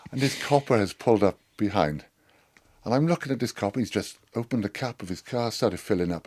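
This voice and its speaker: A man's voice: low-pitched, a little mellow, dry recording. A Welsh man, a former rugby player, telling a rambling anecdote, swearing and acting out what others said. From Wales. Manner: rambling, profane, acts out others' lines. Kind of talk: storytelling anecdote.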